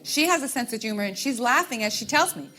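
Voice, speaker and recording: A woman's voice: a little high, expressive, fast, sharp tone. A woman working as a stage medium, addressing audience members one by one and calling them sweetheart and honey. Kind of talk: live audience reading.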